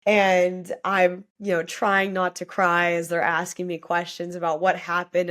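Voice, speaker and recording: A young woman speaks as a podcast guest, her voice sitting a little low for a woman. She tells a hard personal story openly and with feeling, dropping "like" often as she goes. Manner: candid, emotional storytelling, often saying "like". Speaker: guest athlete.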